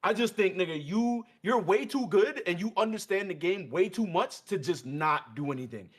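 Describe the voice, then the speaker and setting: A man in a casual gaming chat, talking in an animated way with lots of swearing and laughter. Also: high voice, normal speed. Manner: animated, swearing, laughs a lot, acts out quotes. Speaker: podcast guest.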